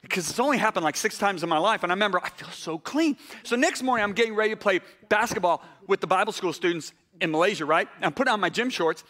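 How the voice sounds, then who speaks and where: A man preaches in a high, ringing, bright voice. He tells his story with big swings between excited outbursts and hushed, intimate moments. When he gets worked up, he repeats words and starts over. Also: rapid-fire, hardly any pauses. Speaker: pastor. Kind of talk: sermon storytelling.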